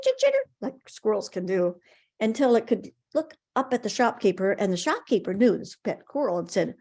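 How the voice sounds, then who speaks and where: A woman storyteller narrating a folk tale in a rhythmic, expressive way, speaking over a video call. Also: on the high side, fairly quick.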